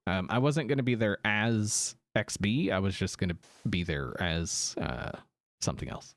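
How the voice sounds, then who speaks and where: A young man with a low voice streams a game at a moderate pace, and the recording is dry. Sounding slightly sick with a lingering cough, he chats casually with viewers and answers them, rambling with ums and laughs.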